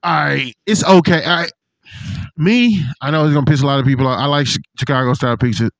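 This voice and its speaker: A man hosting a casual chat, telling profane, animated stories and acting out what people said. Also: fairly high pitch, a little fast, vocal fry, dry recording. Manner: animated, profane storytelling with put-on quotes. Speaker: podcast host.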